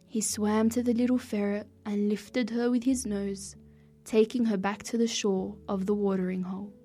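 A woman narrating a children's storybook in a gentle, steady read-aloud way. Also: medium pitch, moderate pace, husky. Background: faint music.

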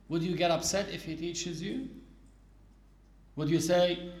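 A man giving a religious lesson, explaining rules deliberately with everyday examples. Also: a little high, steady tone. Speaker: Islamic teacher. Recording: echoey room.

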